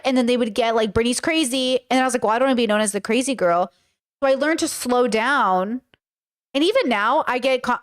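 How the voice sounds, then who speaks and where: A woman with a Californian accent giving chatty, self-reflective reaction commentary. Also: a little high. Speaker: host reacting to a clip.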